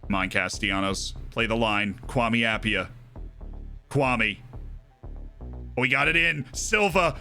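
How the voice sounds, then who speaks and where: A young man doing excitable live commentary while streaming a game, jokey and quick to shout and cheer. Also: fairly low pitch, faint music behind.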